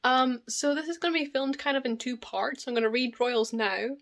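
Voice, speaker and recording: A young Scottish woman chatting casually to camera in a vlog, wry and quick to laugh. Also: sits high, fairly bright tone. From Scotland. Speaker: book vlogger.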